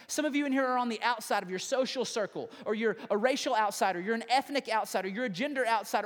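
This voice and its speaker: A man pastor preaching a sermon, building from quiet questions to rising appeals. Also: high-pitched, lively intonation, fast, in a large hall. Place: church sanctuary.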